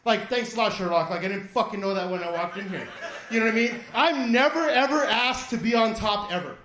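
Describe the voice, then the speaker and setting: Stand-up comic, man in his forties, very high voice, profane rambling delivery, echoey studio room. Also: brisk, a bit bright. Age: 40s. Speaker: stand-up comedian. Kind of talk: stand-up set. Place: small comedy studio stage.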